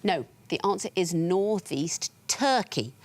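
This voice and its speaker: A woman hosting a TV quiz in a studio, explaining answers in a crisp, wry way. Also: fairly low pitch, animated, slow. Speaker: quiz show host.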